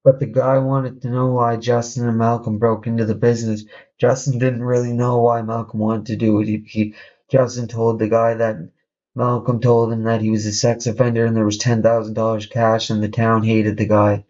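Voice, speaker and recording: Man telling a story in a flat monotone. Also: medium pitch, highs cut off. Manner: flat, halting delivery with frequent restarts. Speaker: podcast host. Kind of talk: casual spoken storytelling.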